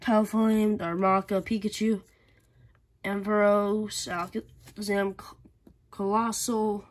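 A woman's voice: medium pitch, flat delivery. A woman hosting her channel in a casual unboxing chat at home, who has the hiccups and lists items one by one. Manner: unhurried, listing items one by one. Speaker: channel host. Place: at home, indoors. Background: faint TV sound and packaging crinkles.

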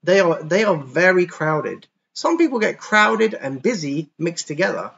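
A man teaching English to young children online, explaining words patiently and sounding them out slowly and clearly. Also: high voice, animated, fairly bright tone, dull audio. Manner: patient, slow, over-articulated pronunciation demos. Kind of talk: online class for kids.

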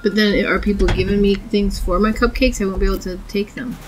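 A woman's voice: mid-range voice, steady tone, a little fast, slight background noise, rough recording. A middle-aged woman playing a game with her daughter, bemused and full of questions, laughing often. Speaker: guest player, host's mother. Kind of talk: casual gameplay chat.

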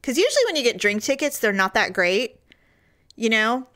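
A woman co-hosting a podcast, telling a story in casual chat and acting out her own quotes in high squeals. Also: very animated, normal speed, pushed and bright. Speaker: podcast co-host.

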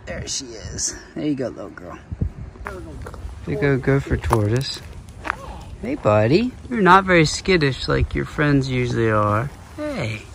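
A young man with a casual, excited manner narrates an outdoor reptile-spotting vlog in a park, often talking softly to the animals. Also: mid-range voice, a little slow. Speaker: reptile vlogger. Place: outdoors in a state park and an alligator farm. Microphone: camera-mounted shotgun mic. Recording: outdoor recording with clear background noise.

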